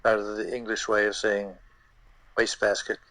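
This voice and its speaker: An older man, a guest puppeteer, telling stories in an interview in a halting way, repeating words and using many fillers. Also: fairly low pitch, flat delivery, pushed and bright, dry recording, low-quality recording. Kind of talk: anecdotal interview storytelling.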